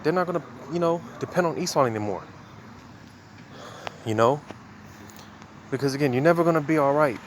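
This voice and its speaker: A male religious teacher delivers a relaxed, conversational sermon, reading scripture and discussing it with frequent "man" and "you know" asides. His voice is mid-range, with a little hiss or hum in the recording.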